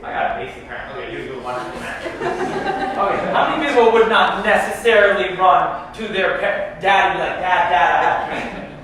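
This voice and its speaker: High-voiced man lecturing in an echoey hall. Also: moderate pace, recorded from a distance, crowd noise. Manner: joking, animated, asks audience questions. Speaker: imam teaching tafsir. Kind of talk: casual interactive lecture.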